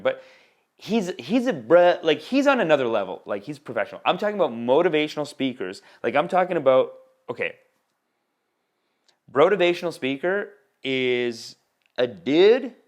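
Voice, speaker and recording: Brief: podcasting male stand-up, loose casual monologue, slangy and rambling, mid-pitched voice. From India. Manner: rambling, slangy, full of bro and dude. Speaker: stand-up comedian and podcast host.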